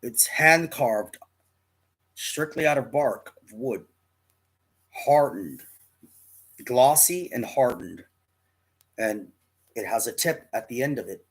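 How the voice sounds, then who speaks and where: Man, fifties, bright tense voice, unhurried rambling storytelling. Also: mid-range voice, lively intonation, slightly rough. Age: 50s. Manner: rambling, with frequent restarts and self-corrections. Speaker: vlogger telling a personal story. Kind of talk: casual first-person storytelling to camera.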